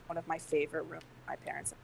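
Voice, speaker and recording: A woman co-host chats casually, her voice low and gravelly, full of "um" and "like". A faint hiss sits under the recording. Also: flat delivery, fast talker, rough recording. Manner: chatty, many fillers. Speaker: podcast co-host. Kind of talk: casual chat.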